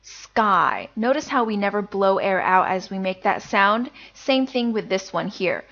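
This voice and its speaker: A woman's voice: mid-range voice, fairly bright tone, highs cut off. A woman teaching a beginner pronunciation lesson, patiently sounding out each letter and repeating it. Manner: patient, demonstrates sounds slowly and repeats them. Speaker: language teacher.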